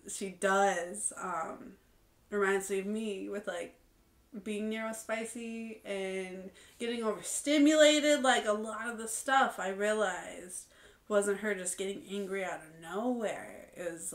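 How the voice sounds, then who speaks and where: A woman's voice: mid-range voice, a bit bright. A young adult woman talking candidly in a casual, reflective monologue, full of "like" and "um". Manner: candid and earnest, many fillers like "like" and "um". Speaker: vlogger. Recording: roomy echo.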